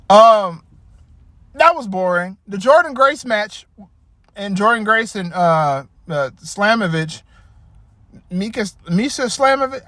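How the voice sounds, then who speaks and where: A man's voice: sits high, fairly bright tone, no echo. A man from the Detroit area giving a casual, profane, rambling rant about a wrestling show. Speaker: wrestling commentator.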